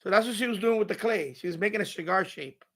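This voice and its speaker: A high-pitched man with a gravelly, fry-laced edge talks in a loose, rambling live-stream chat. His tone is bright and sharp as he rants and swears. He sounds like he is in a home radio room. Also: fast talker. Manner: animated, profane ranting with mocking asides.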